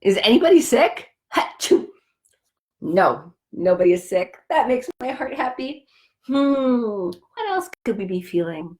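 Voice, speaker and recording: A young woman hosting a children's story time, speaking in a slow, sing-song, exaggerated way for young kids. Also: fairly high pitch, big pitch swings, darkish tone. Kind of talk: children's sing-along lesson.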